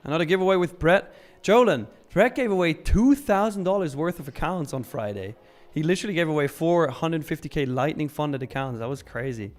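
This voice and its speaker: A man's voice: on the high side, expressive, fairly quick, few pauses. A young man hosting a live trading stream, chatting casually and upbeat as he reads viewer comments, laughing often and using slang.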